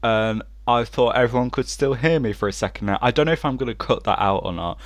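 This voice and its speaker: A man hosting a podcast from home on his own microphone, laid-back and quick to laugh. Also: mid-range voice, dry recording. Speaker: podcast host and editor. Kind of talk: casual chat. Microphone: own desk microphone.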